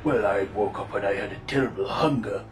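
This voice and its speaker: A man's voice: lowish voice, brisk, soft background music, lightly acted. A man voicing a hungry, flustered sixty-year-old fat man.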